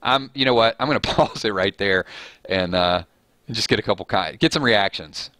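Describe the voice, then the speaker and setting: A man's voice: on the low side, moderate pace, bright, forceful tone, no echo. A man hosting a casual live chat stream, rambling and laughing at his own jokes.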